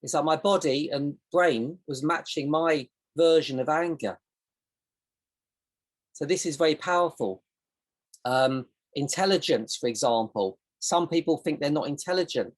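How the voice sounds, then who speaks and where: A woman's voice: low-pitched, a little slow. A woman teaching a casual online coaching session over a video call, in a loose, rambling way with plenty of examples. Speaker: self-discovery coach.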